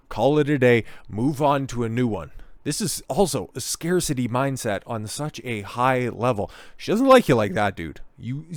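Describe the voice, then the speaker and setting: A man's voice: medium pitch, no room sound. A man hosting a commentary video, talking in a blunt, profane, lecturing way. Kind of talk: casual commentary.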